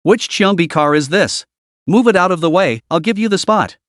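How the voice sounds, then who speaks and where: Cocky young husband read by a man, teasing and scornful, fairly high, animated. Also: moderate pace, dry recording, studio quality. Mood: shouting. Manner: teasing, mocking.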